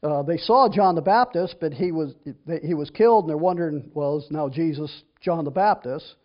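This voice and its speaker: On a dull, lo-fi recording, a man whose voice sits on the high side reads Bible verses and then chats through what they mean. His pace is moderate, and he frequently restarts his phrases in a casual, conversational style.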